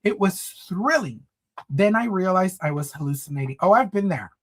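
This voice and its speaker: A very high-pitched, animated man hosts a casual stream at a moderate pace, with slight background noise behind him. He banters campily with viewers, tossing out "honey," "girl," and bits of Spanish.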